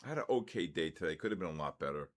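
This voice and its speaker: An older man hosting a live trading session, giving blunt, excitable market commentary and answering chat questions with quick asides. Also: rumbling low, slight background noise. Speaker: trading stream host.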